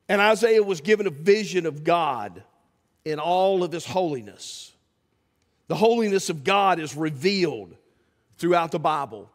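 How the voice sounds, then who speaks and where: A man preaching a sermon as pastor, swinging from loud calls to hushed asides. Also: sits high. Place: church sanctuary. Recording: church sanctuary with long reverb.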